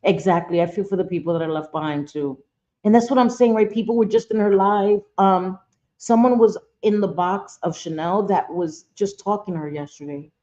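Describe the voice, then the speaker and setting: Her voice is warm and medium in pitch, moving at a moderate pace as she addresses viewers and chat directly. She's blunt and heated, cursing frequently while she comments, all over dull, lo-fi stream sound.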